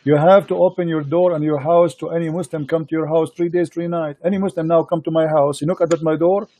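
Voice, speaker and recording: A man hosting a heated online debate, insistent and repetitive, speaking halting non-native English into a computer mic. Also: fairly high pitch, fairly even intonation, warm tone, dry recording. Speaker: host of a live debate stream.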